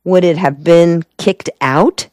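Woman reading a husky, sardonic male detective, slow drawl, low pitch, dry close sound. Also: a little mellow, dry recording.

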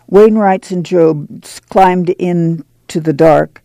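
Gravelly, mellow male narrator. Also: on the high side, steady tone, unhurried, no room sound, low-quality recording. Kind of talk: audiobook narration.

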